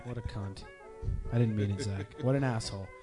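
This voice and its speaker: A man's voice: on the low side, fairly even intonation, fairly quick, music in the background. A man hosting a podcast, teasing his co-hosts with crude, profane jokes. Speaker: podcast host. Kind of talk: crude casual podcast banter.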